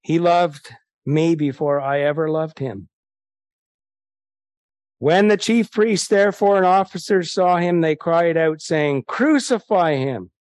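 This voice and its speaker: A man's voice: on the high side, slow pace, long pauses, a little mellow, no room sound. Earnest preacher man, dry close sound. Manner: earnest, rising to indignant rhetorical questions. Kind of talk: evangelistic sermon with Bible reading.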